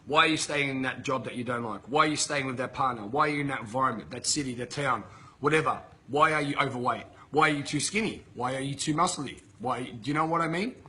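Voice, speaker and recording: A man's voice: mid-range voice, quick pace, bright, forceful tone, a little hiss or hum. A man giving a blunt, emphatic motivational talk to camera, swearing freely and ranting at his listeners. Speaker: motivational coach. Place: filmed in Bali with a camera operator.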